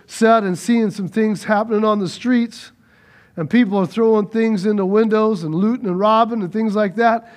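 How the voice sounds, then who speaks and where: High-voiced animated male preacher. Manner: animated, swings between loud urging and soft hushed tones; repeats phrases, calls out "come on" to the congregation. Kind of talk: sermon.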